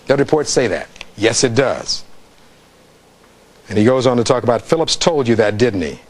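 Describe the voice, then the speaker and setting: A man's voice: medium pitch, expressive, normal speed. A man, a defense attorney, giving a closing argument in a courtroom, reading testimony aloud and putting rhetorical questions to the jury.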